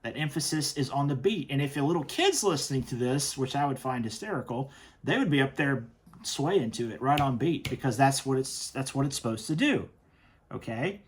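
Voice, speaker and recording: A man's voice: medium pitch, animated, moderate pace. A man hosting a commentary show, talking in an emphatic, stern way and often repeating himself. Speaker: host reviewing worship music. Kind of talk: opinionated commentary.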